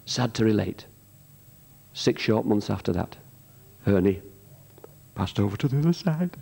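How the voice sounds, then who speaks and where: A man telling rambling stand-up jokes on a theatre stage, pausing with ums and jumping into shouted character voices. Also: expressive, gravelly, breathy edge. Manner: rambling, hesitant, full of ums between jokes; jumps into high shouted character voices for punchlines. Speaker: stand-up comic at a charity show.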